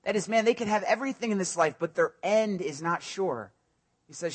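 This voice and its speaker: A young adult man preaching a sermon, animated, often dropping to a soft voice and rising loud when he voices the psalmists' cries. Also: high voice, fairly quick, breathy edge. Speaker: pastor.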